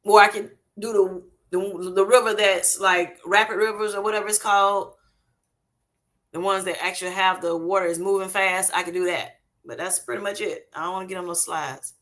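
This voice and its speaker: Through a streaming setup, a middle-aged host chats casually on her livestream, laughing often and calling viewers honey and y'all. Her voice is medium in pitch, a bit bright, with fairly even intonation at a normal speed.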